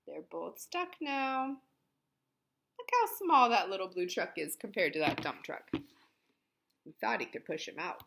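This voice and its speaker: A woman reads a picture book aloud to children, her pitch swinging widely as she voices the animal sounds. She reads slowly and stops to chat with the kids about the pictures. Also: sing-song, a bit bright. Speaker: children's story reader.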